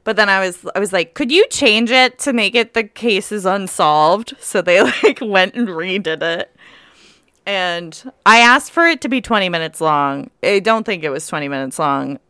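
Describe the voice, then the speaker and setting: A woman co-hosting a podcast in casual chat, playful and quick to laugh. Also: lowish voice, bright, forceful tone, clear, resonant tone, no room sound, studio quality. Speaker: podcast co-host.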